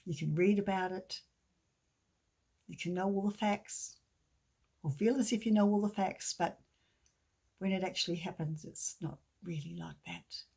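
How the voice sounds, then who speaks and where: A middle-aged woman giving a gentle sermon with a children's story, often dropping to a soft near-whisper. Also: fairly low pitch, a little slow, gravelly, long pauses, slightly rough. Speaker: church speaker.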